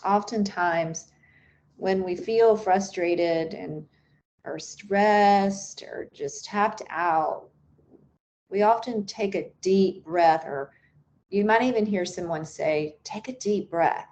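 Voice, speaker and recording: A woman's voice: medium pitch, slow pace, darkish tone. A woman leading a guided breathing meditation in an unscripted, soothing way, with occasional fillers and restarts. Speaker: meditation instructor.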